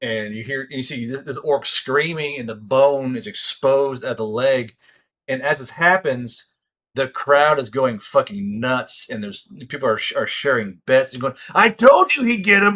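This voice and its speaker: A man's voice: medium pitch, a bit bright. A man running a tabletop game as game master, describing scenes in a rambling, profane way with many fillers.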